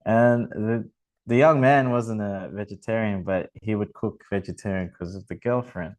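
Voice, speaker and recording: A man's voice: fairly low pitch, moderate pace, darkish tone, poor audio. A man giving an informal religious talk and telling a long anecdote, rambling with many fillers and restarts. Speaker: temple speaker.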